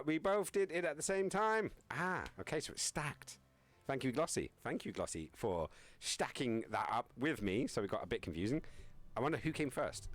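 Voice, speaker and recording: A young man streaming live, chatting casually with viewers, reading chat aloud and joking around. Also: medium pitch. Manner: rambling, joking, reads chat aloud and laughs often.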